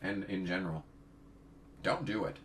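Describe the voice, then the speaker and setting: A man's voice: sits low, normal speed, fairly bright tone, slight background noise. A young man in his twenties, a college student by his own account, giving a profane, exasperated rant on his vlog. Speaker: vlogger. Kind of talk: ranting political vlog.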